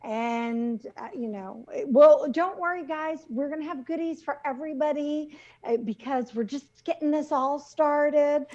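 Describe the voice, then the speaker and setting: A woman's voice: high-pitched, a little slow, hardly any pauses, warm tone, lo-fi sound. A middle-aged woman co-hosting a casual chat show, talking chattily with frequent laughs and restarts. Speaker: podcast co-host.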